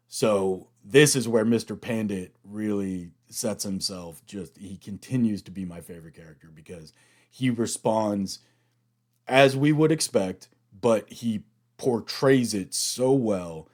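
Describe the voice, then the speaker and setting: Low-voiced American guy recapping a show. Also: unhurried. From United States. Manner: chatty, animated retelling, acts out quotes. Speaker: reaction video host. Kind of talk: casual episode recap.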